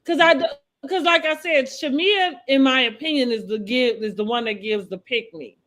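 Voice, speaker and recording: A woman hosting a casual podcast chat, talking in loose restarts and quoting others in a lowered voice. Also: moderate pace, fairly bright tone. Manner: talks in loose restarts, quotes people in a dropped voice. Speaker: podcast host. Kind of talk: casual chat about reality TV.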